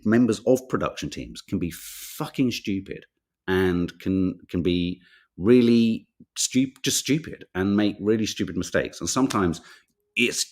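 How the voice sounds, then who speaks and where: A man's voice: medium pitch, slightly rough. A man from England co-hosting a casual podcast, chatting in a rambling, sweary way and reading out viewers' names and comments. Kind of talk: casual chat.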